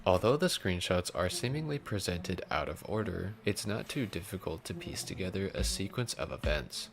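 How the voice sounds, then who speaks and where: A man reading a scripted video essay in a measured, serious way. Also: low-pitched, vocal fry. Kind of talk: scripted narration. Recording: background music under voice.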